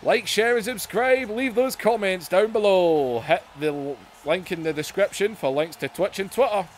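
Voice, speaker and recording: High-voiced man calling game wrestling. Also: normal speed, a little hiss or hum. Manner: excitable, bursts into shouts. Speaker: YouTube gaming host. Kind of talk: excited wrestling play-by-play over a video game.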